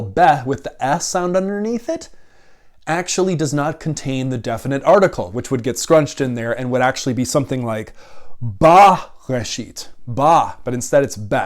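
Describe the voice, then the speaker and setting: A man's voice: medium pitch, a little mellow. A seminary professor giving a video lecture, explaining carefully and earnestly, often correcting and restating himself as he goes.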